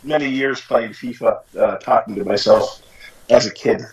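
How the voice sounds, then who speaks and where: A man's voice: medium pitch, moderate pace, creaky, lo-fi sound. A man in his forties from the United States, a podcast guest chatting casually and quoting himself as he tells stories. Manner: relaxed storyteller, quotes himself often. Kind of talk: casual interview chat.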